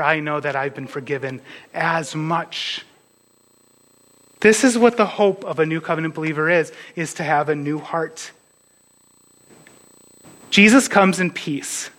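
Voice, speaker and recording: A man's voice: fairly high pitch, pushed and bright, poor audio. A man preaching a conversational sermon as pastor, dropping to a near whisper at tender moments.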